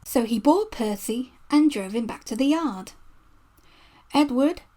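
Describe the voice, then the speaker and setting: A woman narrating a children's storybook in a gentle read-aloud manner. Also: on the high side, expressive, moderate pace. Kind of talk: storybook reading.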